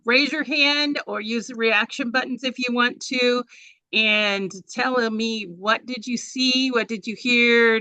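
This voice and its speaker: A talkative woman presenting a workshop by video call drifts into mild rambling. Her mid-range voice comes across bright and forward, and the recording is dry, without echo or any room sound.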